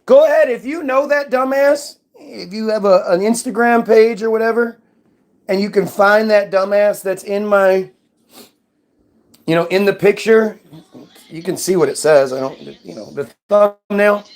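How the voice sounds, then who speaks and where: A man's voice: sits high, a little slow. A man in a casual ranting monologue, mocking and profane, answering chat.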